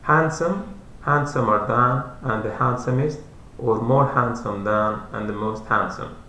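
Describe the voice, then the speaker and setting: A man teaching English grammar, explaining slowly and repeating each rule and example. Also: medium pitch, bright, forceful tone, slight background noise. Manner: slow, repetitive, spells out letters. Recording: roomy echo.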